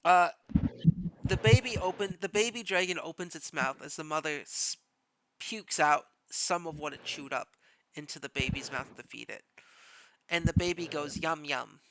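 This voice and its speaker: A man running a tabletop game as game master, narrating events slowly and deliberately. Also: fairly high pitch, a bit bright, slight background noise, rough recording.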